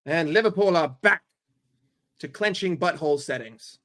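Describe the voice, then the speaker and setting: Here a New York streamer reacts to football in real time, sarcastic and heavy on swearing. At a normal pace, his somewhat high, bright and forceful voice swings from muttered grumbling to excited shouting.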